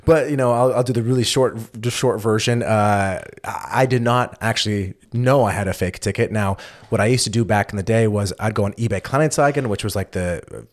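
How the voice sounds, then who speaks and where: An American man in casual podcast chat, telling an anecdote in a rambling, animated way. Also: fairly low pitch, brisk, few pauses. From United States. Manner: rambling, animated retelling with quoted voices. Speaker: podcast co-host. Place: lives in Germany as a foreigner.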